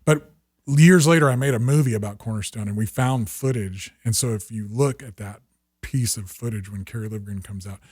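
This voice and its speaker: A man in his fifties, a podcast guest, telling lively stories and acting out quoted dialogue with quick restarts. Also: on the low side, slightly rough, dry recording, clean studio sound. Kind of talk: storytelling in conversation.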